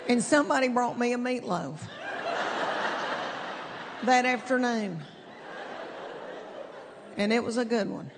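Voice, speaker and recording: A woman's voice: fairly high pitch, noisy background. A middle-aged woman from East Tennessee with a Southern accent, telling chatty stand-up stories and drawing out her punchlines. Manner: folksy, chatty, drawn-out punchlines. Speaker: stand-up comedian. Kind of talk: stand-up storytelling. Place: theater stage with audience. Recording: live stage mic in a reverberant hall.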